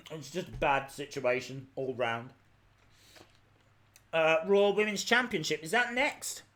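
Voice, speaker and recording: High-voiced guy on a live stream, teary and sniffly, dramatic exasperated outbursts, slow-ish. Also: a bit bright. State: teary with a runny nose. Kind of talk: live reaction stream chat.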